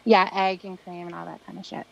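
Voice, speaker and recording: A woman's voice: lowish voice, little pitch movement, brisk, gravelly, highs cut off. Chatty woman host, rambling. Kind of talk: casual chat.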